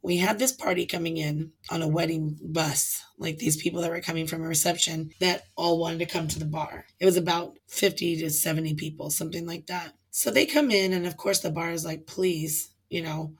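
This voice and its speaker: A woman guest on a podcast, a karaoke host telling a story in a casual, animated way and acting out what people said. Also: sits low, fairly quick, few pauses, slightly rough. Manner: animated storyteller acting out quotes, laughs often.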